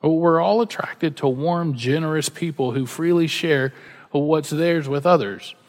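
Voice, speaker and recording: A man's voice: fairly high pitch, measured pace, long reverb tail. A man preaching a sermon, reading scripture aloud and then explaining it in a casual, conversational way with everyday examples. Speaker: pastor.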